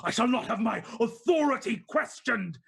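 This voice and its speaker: A man voicing a haughty fey queen in a tabletop game, speaking in slow, loud, commanding proclamations. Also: extremely high pitch, lively intonation, vocal fry, voice pushed up, heavily acted.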